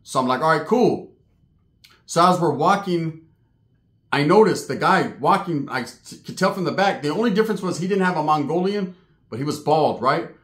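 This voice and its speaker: A man telling a true paranormal story in a casual, streetwise way, swearing freely and getting animated. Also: fairly high pitch, brisk. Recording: echoey room.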